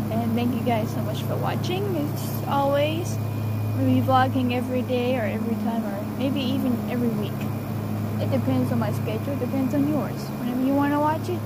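A woman's voice: sits high, very noisy. A young woman, chatting to viewers in a casual home vlog. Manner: chatty, addresses viewers as y'all. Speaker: vlogger. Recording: loud music under the voice.

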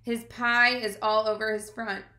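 A woman voicing a lively, bossy young farm girl who teases and complains. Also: a little high, unhurried, reverberant. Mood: scolding. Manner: teasing, exasperated.

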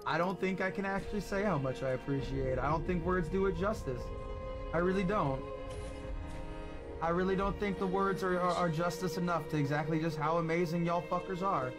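Teary young man streamer, swearing warmly. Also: sits high, fairly quick. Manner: tearful, grateful, swears a lot. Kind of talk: emotional live-stream chat. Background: game music.

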